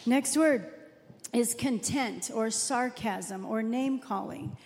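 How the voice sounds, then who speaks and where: Woman, 50s, co-host; chatty storyteller, slightly high voice, long reverb. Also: a little mellow, a little hiss or hum. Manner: chatty, storytelling, quick to laugh. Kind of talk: faith-based relationship talk.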